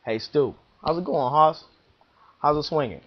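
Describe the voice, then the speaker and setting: A man's voice: fairly high pitch, unhurried, pitched above the performer's own voice. A man voicing a friendly male ball driller who chats through technical advice, on a dull lo-fi recording. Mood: helpful.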